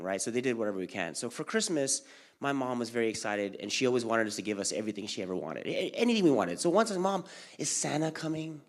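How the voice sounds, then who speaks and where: A man doing a stand-up comedy set at a community event, telling stories and acting out family members with big jumps in his voice. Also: medium pitch. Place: community center event hall.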